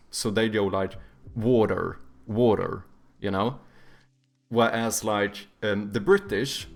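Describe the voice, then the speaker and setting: A young man streaming from his home setup, chatting casually while he codes, joking about himself and swearing freely. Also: lowish voice. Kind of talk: casual live-stream chat while coding.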